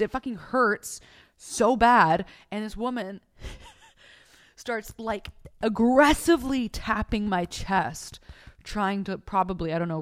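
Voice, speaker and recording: A young adult woman hosting a podcast from her bed, telling a story in casual, profane chat on a close mic. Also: mid-range voice. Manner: profane, animated, acts out voices in her stories. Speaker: podcast host. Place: bedroom at home. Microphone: close mic in front of her face.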